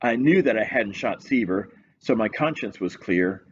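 A man reading a novel aloud in steady, measured first-person narration. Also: fairly low pitch, dull audio, slight background noise. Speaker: reader. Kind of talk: audiobook-style narration.

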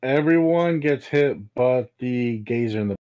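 Male game master, matter-of-fact, mid-pitched voice, calls the action plainly. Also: unhurried, clean tone, lo-fi sound. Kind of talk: narrating a tabletop game.

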